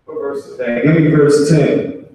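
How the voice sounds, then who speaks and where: A man's voice: a little high, fairly even intonation, unhurried, mellow, slight background noise. A man teaching a Hebrew class at a board, casual and repetitive, drawing out key words. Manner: casual, repeats and restarts, drawls key words. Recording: very echoey room, mic far off.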